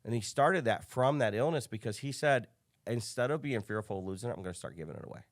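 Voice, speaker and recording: Fast-talking man telling stories. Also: mid-range voice. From Chicago area. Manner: animated storyteller, acts out quoted dialogue. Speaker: business coach, guest. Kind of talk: casual storytelling interview.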